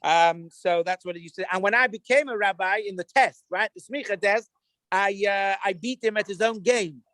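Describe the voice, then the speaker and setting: High-voiced rabbi telling stories, dry sound. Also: male voice, normal speed, bright, forceful tone, dry recording. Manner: rambling, many fillers and restarts, looks things up aloud. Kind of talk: casual teaching talk with anecdotes.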